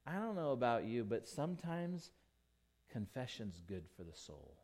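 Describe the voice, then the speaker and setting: A male pastor preaching a sermon, emphatic, with big swings between quiet and loud. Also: sing-song. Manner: slow, emphatic preaching with dramatic swings in volume and pitch.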